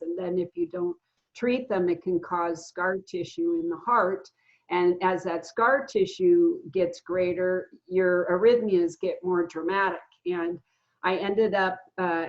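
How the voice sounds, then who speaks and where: A woman in her fifties telling her own recovery story in a casual, earnest way, often pausing with fillers and restarting her sentences. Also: on the low side. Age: 50s. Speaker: guest sharing a recovery story. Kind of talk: casual spoken testimony. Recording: dull lo-fi sound.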